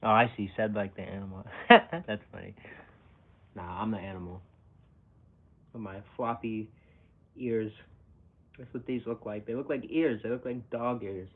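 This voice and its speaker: A man's voice: fairly low pitch, fairly even intonation, measured pace, long pauses, slightly rough. A young man streaming live, rambling casually and self-mockingly while reacting to chat comments, often chuckling. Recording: tinny phone-like audio with faint hiss.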